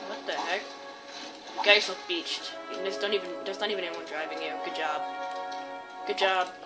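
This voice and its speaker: A young woman, a gaming YouTuber, talks casually over game music while she plays a video game, rambling and getting easily surprised. Her voice is lowish with a steady tone, and she speaks at a normal speed.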